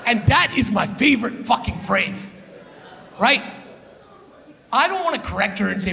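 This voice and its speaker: A man from Canada, a stand-up comedian on a theater stage, telling loud, profane family stories and keeping the crowd with him with "right?". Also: very high-pitched, expressive, normal speed, gravelly. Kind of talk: stand-up storytelling.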